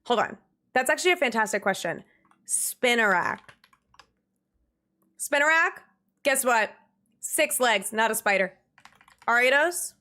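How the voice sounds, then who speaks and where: A young woman streaming, chatting casually with viewers and ranting in an exasperated, animated way. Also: a little high, measured pace, pauses often. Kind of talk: casual livestream chat.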